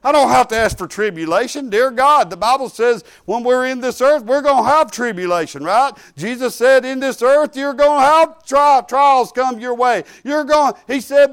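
A woman's voice: sits high, expressive, normal speed, hardly any pauses, clear, resonant tone. A woman pastor, preaching a folksy, emphatic sermon full of hallelujahs.

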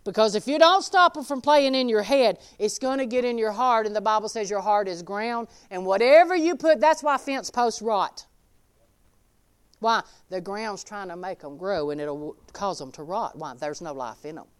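A woman preaching a sermon in a folksy, emphatic way, swinging between loud exclaiming and quiet asides. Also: medium pitch, normal speed, smooth.

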